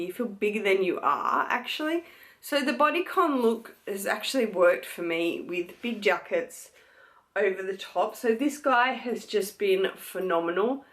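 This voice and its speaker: An Australian woman in her young adult years talks to her camera in a relaxed, unhurried way. She gushes over what she shows and leans on fillers, in a mid-range voice. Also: mid-range voice. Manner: chatty, gushing, many fillers. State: pregnant. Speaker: beauty vlogger. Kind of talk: casual chat to camera.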